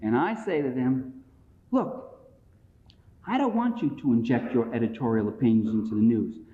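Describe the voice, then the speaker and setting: Captured on an old, dull lo-fi 1980s lecture tape, a middle-aged man lectures the public in an emphatic, combative and sarcastic manner. His voice is medium-pitched, expressive and dark in tone, moving at a normal speed.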